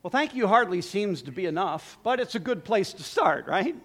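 Male preacher, sermon, high voice, animated and joking. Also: normal speed. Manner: lively, humorous, laughs at his own jokes.

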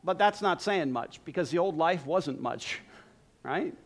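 High-voiced, lively male preacher. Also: a little slow. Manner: lively, humorous, laughs at his own jokes. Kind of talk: sermon.

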